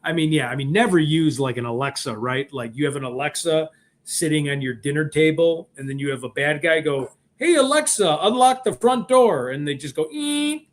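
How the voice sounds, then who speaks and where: A man's voice: on the high side, a little fast, slight background noise. A middle-aged man with a Chicago accent, rambling and joking in a casual livestream chat as host. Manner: rambling, animated, joking asides. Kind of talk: casual live-stream chat.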